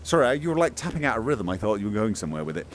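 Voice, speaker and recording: A man giving playful, excitable running commentary while playing a VR game, chatting to a companion through a headset mic. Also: on the low side, racing, a little hiss or hum. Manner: excitable, jokey asides. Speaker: gaming streamer. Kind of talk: casual VR gameplay commentary.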